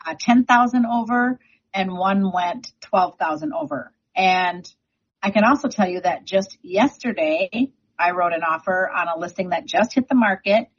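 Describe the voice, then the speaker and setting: A confident woman talks about the housing market on a radio segment, leaning hard on her points in a chatty way. Her voice is a little husky, with a frog in her throat, and the broadcast audio sounds dull and lo-fi. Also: medium pitch, normal speed. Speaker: real estate agent guest.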